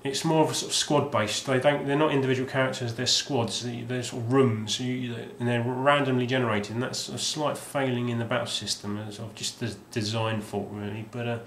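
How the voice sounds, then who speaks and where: A man's voice: mid-range voice, fairly even intonation, a little fast, hardly any pauses, a bit bright. A man casually showing off his game collection, rambling and hesitant with lots of ums and restarts. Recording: roomy sound with faint ambience.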